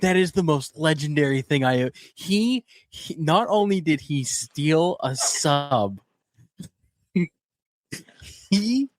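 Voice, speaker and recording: A man co-hosting a podcast, joking in quick, reactive casual banter. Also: fairly high pitch, animated, dry recording, clean studio sound. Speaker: podcast co-host. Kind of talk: casual chat.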